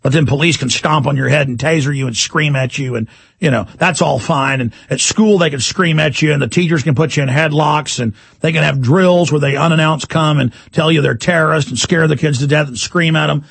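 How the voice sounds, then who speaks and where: A man hosting a call-in talk radio show, ranting and repeating himself, with sudden emphatic jumps in pitch. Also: fairly quick, vocal fry, fairly bright tone, slightly rough, dry recording.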